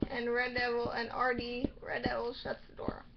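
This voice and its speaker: A young woman casually recapping a TV episode, rambling and acting out characters' lines in quick bursts. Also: a little high, completely flat delivery, vocal fry. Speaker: recap vlogger. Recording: slightly muffled home recording with faint noise.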